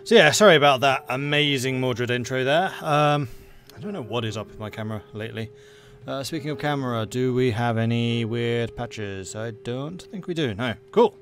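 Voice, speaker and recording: A man's voice: medium pitch, moderate pace, fairly bright tone, soft background music. A man casually commenting on a strategy game during a live stream, chatty and thinking aloud with frequent fillers.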